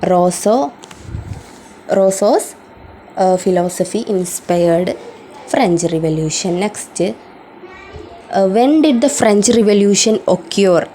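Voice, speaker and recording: Woman, slow, exam question review, repeats questions, faint background hiss. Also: mid-range voice, animated, dark tone, rough recording. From India. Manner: repeats each question slowly before answering. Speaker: student tutor. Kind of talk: reading out exam questions and answers.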